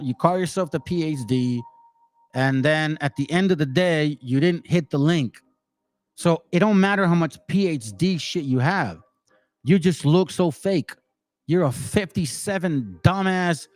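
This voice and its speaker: A man's voice: fairly high pitch, no echo. A man in his forties ranting as channel host, confrontational and slangy. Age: 40s. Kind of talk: heated rant to a commenter.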